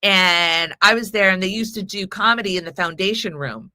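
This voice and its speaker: A woman in her forties of Mexican heritage guests on a podcast, telling a long, rambling personal story and acting out what people said. Her medium-pitched voice is bright and forceful at a normal speed. The studio recording is clean, with no room sound.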